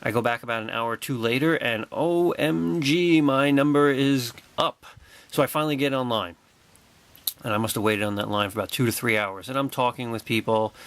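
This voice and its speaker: A man vlogging a personal anecdote with excitable, wry storytelling and a sarcastic edge. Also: mid-range voice, fairly quick.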